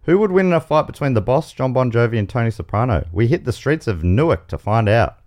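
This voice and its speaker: A fast-talking, medium-pitched Australian man hosts a comedy game show podcast. Playful throughout, he reads out quiz questions with animated asides.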